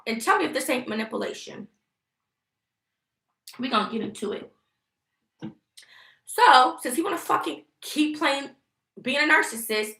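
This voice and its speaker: A woman's voice: on the high side, creaky, sharp tone. A woman venting to her viewers in a casual storytime vlog, talking in an emphatic, heated and profane way. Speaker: vlogger. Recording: echoey room.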